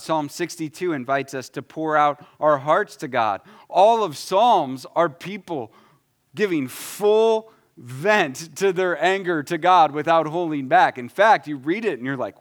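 A man preaching a conversational sermon, acting out short prayers in his own voice and swinging between loud, emphatic lines and quiet asides. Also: fairly high pitch, lively intonation, measured pace. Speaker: pastor.

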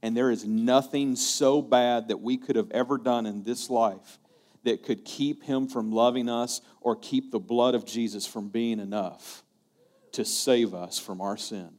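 A man's voice: medium pitch, steady tone, measured pace, a little mellow. Earnest man preaching a sermon. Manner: earnest, storytelling, repeats words. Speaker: pastor.

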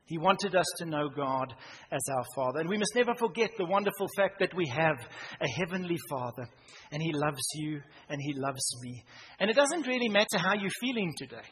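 A man preaching a sermon in church, swinging from loud emphasis down to a hushed near-whisper. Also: fairly high pitch, expressive, fairly quick, husky. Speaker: pastor. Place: church hall. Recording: reverberant church hall, faint noise.

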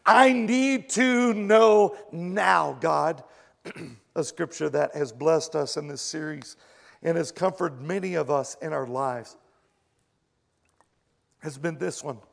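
A male pastor preaching a sermon in an animated way, acting out his listeners' reactions. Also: high-pitched, creaky.

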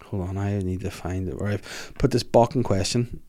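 A man's voice: low-pitched, fairly even intonation, moderate pace, warm tone. A man hosting a podcast, trading jokey, sweary banter with his guest. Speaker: podcast host. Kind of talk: casual podcast chat.

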